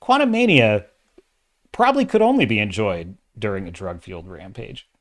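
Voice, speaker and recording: Very animated and fairly low-pitched, a male host of a sci-fi and fantasy commentary channel talks at normal speed during a relaxed livestream. His exasperated opinions come out in bursts, often with restarts.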